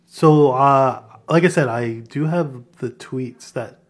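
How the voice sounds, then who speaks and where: A man hosting a podcast in casual chat, agreeable and chiming in with quick affirmations. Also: mid-range voice. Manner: agreeable, chimes in with short affirmations. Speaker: podcast host.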